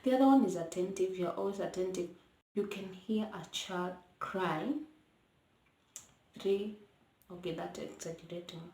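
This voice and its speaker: A young Kenyan woman vlogging casually from her child's bedroom, chatting and mixing English with Swahili, sometimes hushing her voice so the baby sleeps. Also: on the low side, normal speed, long pauses. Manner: hushed at times to let baby sleep. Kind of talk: casual storytime vlog. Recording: roomy echo, faint noise.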